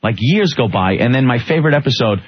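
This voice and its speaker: A man co-hosting a talk radio show tells stories with a husky, slightly rough edge. His pitch swings widely, and he breaks into laughter often. The sound is dry and lo-fi, like an old broadcast. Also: fast talker, no room sound. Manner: animated storyteller, laughing often. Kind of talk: casual radio banter.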